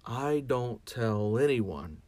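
A man speaking as a chaplain delivers a reflective podcast monologue, earnest and often restarting and repeating his words. His mid-range voice is animated, very slow and darkish in tone, with no echo.

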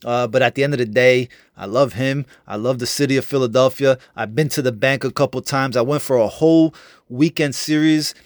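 A man's voice: mid-range voice, dry recording, clean studio sound. A young man ranting casually about his baseball team, cursing freely and trash talking, with lots of fillers and restarts. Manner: profane, fired-up trash talk with many fillers and restarts. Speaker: sports fan vlogger. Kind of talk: casual fan rant.

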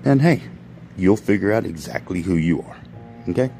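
A man's voice: low-pitched, lively intonation, moderate pace, vocal fry, warm tone, slight background noise, low-quality recording. A man ranting in a profane, rambling monologue to his followers, often stopping to correct himself. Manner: profane, ranting, self-interrupting. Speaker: vlogger.

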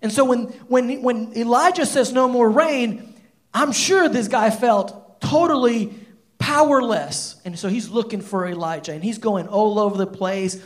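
A man preaching a sermon, retelling a Bible story in animated, casual storytelling with lots of "like". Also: sits high, moderate pace. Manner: animated storytelling, many fillers like "like". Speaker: pastor.

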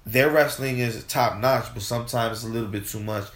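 An easygoing male podcast co-host weighs in on wrestling storylines, dropping in chuckles and "like" as he talks. His voice has a middle pitch. The sound bounces around a roomy space. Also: a little fast, a bit bright. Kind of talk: casual wrestling chat. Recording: roomy echo.

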